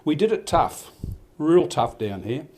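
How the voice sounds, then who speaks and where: A man's voice: a little high, sing-song, measured pace, darkish tone. An older Australian man giving a rambling, heartfelt speech at a farmers' awards night, with many restarts. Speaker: event organiser giving a speech. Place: event hall.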